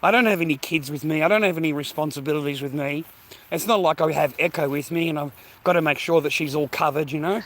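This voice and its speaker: A man's voice: a little high, fast, fairly bright tone. A man with an Australian accent, vlogging outdoors while walking, talking in a rambling, profane, slangy way and sounding slightly out of breath. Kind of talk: casual walking vlog rant. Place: outdoors on foot.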